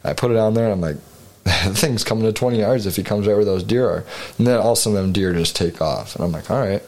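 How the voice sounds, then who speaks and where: A man's voice: lowish voice, fast, darkish tone. A man co-hosting a podcast, rambling through a hunting story in casual chat with frequent swearing. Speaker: podcast co-host.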